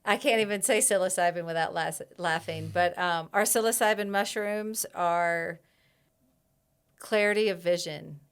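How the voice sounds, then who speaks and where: A woman herbalist in a casual podcast interview, reflective, pausing often with fillers and laughing easily. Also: on the low side, a bit bright, smooth. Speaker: herbalist guest.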